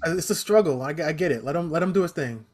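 A man tells stories in loose, profane chat, his voice a touch higher than most men's. He gets animated, laughing and pushing his pitch up as the story builds. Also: fast talker.

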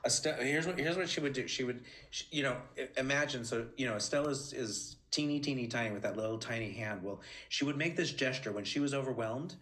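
Chatty man telling lively stories. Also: fast, few pauses. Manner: animated storyteller, many restarts, jumps high when quoting. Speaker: interview guest, former assistant. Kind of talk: casual interview talk.

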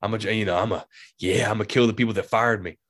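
A man with a fairly low voice chats casually about a film. He retells the scenes in a lively way and slips into quick acted quotes from the characters. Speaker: movie discussion co-host. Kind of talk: casual chat.

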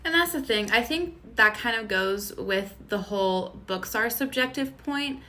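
A woman's voice: a little high, animated, unhurried, bright, forceful tone. A young woman co-hosting a podcast, chatting casually in a blunt, opinionated way and laughing between remarks. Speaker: podcast co-host. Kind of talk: casual chat.

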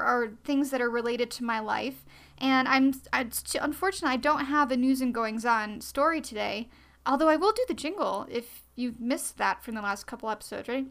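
A young woman talks through a casual podcast monologue in a chatty, rambling way, poking fun at herself as she goes. Her voice is bright and sits a little high. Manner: chatty, rambling, self-deprecating. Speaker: podcast host.

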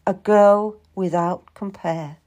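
A proud, devoted young husband in an audiobook, earnest and respectful. A woman voices him at an unhurried pace, close to her own reading voice. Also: mid-range voice, fairly even intonation, dark tone, lightly acted.

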